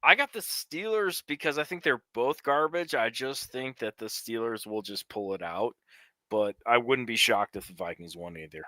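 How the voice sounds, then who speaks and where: A man's voice: mid-range voice, expressive, normal speed, bright, forceful tone, no room sound. A man in his forties co-hosting a live sports talk show, telling stories with crude, brash jokes. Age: 40s. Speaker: co-host. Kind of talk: casual chat.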